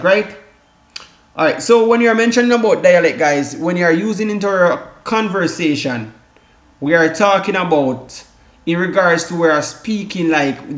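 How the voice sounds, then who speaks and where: A man from the Caribbean giving a casual exam-prep lesson, rambling with many restarts and fillers, often saying "guys" and "all right". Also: high voice. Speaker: exam tutor. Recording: echoey room.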